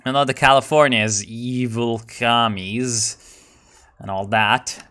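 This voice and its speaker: A young man giving casual, profane commentary while playing a strategy game, excitable and musing aloud with fillers and laughs. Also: medium pitch, measured pace. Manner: swears a lot, excitable, jokey.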